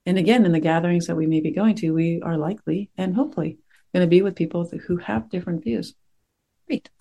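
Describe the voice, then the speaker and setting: A woman meditation teacher giving a dharma talk to her class, gentle and reflective, pausing often as she searches for words. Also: fairly low pitch, vocal fry.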